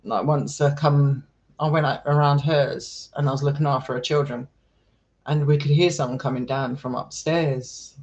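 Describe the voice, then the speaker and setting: A man's voice: mid-range voice, fairly even intonation, normal speed, lo-fi sound. A man chatting casually with his live stream viewers, affectionate and talkative, calling people darling and sweetheart. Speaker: live streamer and paranormal explorer.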